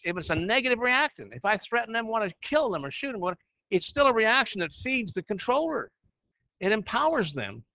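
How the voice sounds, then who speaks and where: A high-pitched man teaches church leaders in a conversational preaching style, often putting questions to his listeners. It is sermon-style teaching with slides, and the recording sounds dry and muffled.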